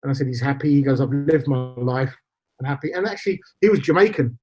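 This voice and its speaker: Man, middle-aged, husky, lo-fi recording. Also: mid-range voice, quick pace, soft background music. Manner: storytelling, animated. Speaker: podcast guest. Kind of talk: casual interview chat. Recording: dull lo-fi sound.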